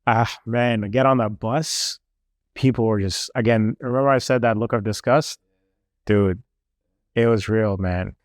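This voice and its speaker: A young man telling a travel story in casual chat, animated and full of fillers. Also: lowish voice, measured pace, dry recording, clean studio sound. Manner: animated, lots of fillers, mimics officials.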